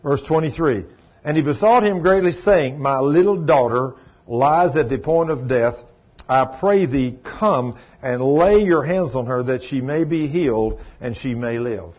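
A man's voice: mid-range voice, expressive, unhurried, slightly rough. A man preaching a sermon, emphatic, rising and dropping his voice for stress as he tells a story. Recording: dull lo-fi recording.

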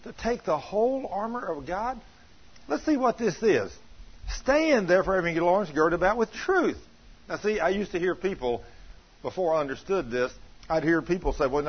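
A man preaching a sermon, telling a story about his wife in a folksy, colloquial way with bursts of loud emphasis. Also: a little high, lively intonation, normal speed, slightly rough. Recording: dull lo-fi sound.

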